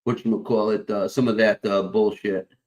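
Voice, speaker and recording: A man's voice: lowish voice, flat delivery, moderate pace, a little mellow. A man hosting a stream, rambling in casual chat, swearing constantly and filling gaps with uh and whatchamacallit. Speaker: stream host.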